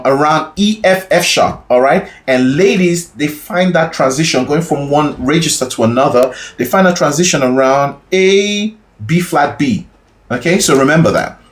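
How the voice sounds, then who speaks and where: A male singing teacher explaining vocal registers patiently, often checking in with his listeners as he goes. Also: a little high. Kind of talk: instructional explanation.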